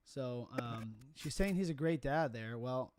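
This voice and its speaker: A man's voice: mid-range voice, expressive, unhurried, darkish tone, smooth. A man who films weddings, talking casually as he explains his editing step by step. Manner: chatty, explains as he works. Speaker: wedding videographer. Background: music.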